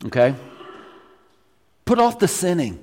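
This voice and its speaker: A middle-aged man preaching to his congregation, his voice sitting a little high for a man. He is animated and teases his listeners as he goes. The sound carries a long echo from the church hall. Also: a little slow. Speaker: pastor. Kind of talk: sermon. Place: church sanctuary.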